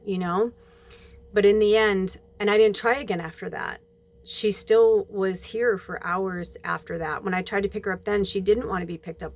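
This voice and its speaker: Emotional woman close to tears. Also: mid-range voice. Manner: emotional, swearing, talks through tears. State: holding back tears. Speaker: spiritual medium. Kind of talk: personal monologue.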